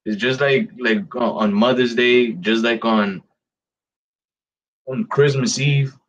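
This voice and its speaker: A man's voice: medium pitch, takes it slowly, lo-fi sound. A man co-hosting a religious discussion, speaking casually with many hesitations. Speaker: co-host.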